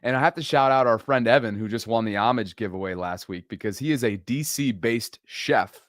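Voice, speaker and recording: A man's voice: mid-range voice, fairly quick, no echo, studio quality. A young man co-hosting a podcast, telling a dating story in casual chat with frequent laughs and self-deprecating humor. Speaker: podcast co-host.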